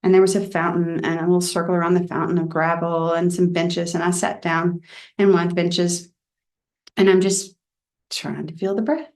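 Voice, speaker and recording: A woman reverend giving a personal Dharma talk in a candid, reflective storytelling way. She often drops soft and quiet. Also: lowish voice, little pitch movement, normal speed.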